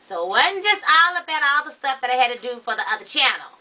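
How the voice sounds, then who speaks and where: A man's voice: sing-song, quick pace, sharp tone, far from the mic, exaggerated voice. A man playing a gossipy, sassy middle-aged Baptist woman, chatting dramatically to the viewers. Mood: chatty. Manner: chatty, dramatic, rising to shrill outbursts. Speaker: comedy character show host. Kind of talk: character comedy monologue to camera.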